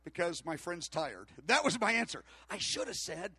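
Preacher, male, high bright voice, dry close sound, storytelling sermon. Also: normal speed, slightly rough, no room sound. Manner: storytelling, acts out dialogue, animated. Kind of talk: sermon with anecdote.

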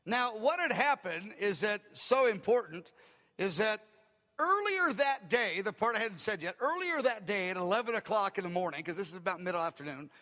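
A male pastor telling stories in a sermon, acting out the dialogue in an animated way. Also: high voice, normal speed. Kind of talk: sermon storytelling. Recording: long reverb of a large hall.

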